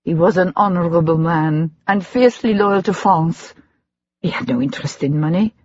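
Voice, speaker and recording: A woman's voice: lowish voice, moderate pace, a little mellow, lo-fi sound, a little hiss or hum, close to an everyday voice. A narrator voicing an earnest, insistent young woman defending a friend's honor.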